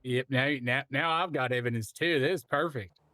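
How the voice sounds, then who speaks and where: A man of medium pitch teasing a fellow player in a role-play game, his commentary amused and needling. His voice sounds dry and close, with no room around it. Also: fairly quick, pushed and bright, dry recording.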